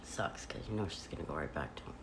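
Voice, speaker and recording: A woman vlogger chatting casually from a hotel room, retelling events in an animated way with lots of "like.". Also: extremely low pitch, quick pace, vocal fry, background noise. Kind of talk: casual storytelling.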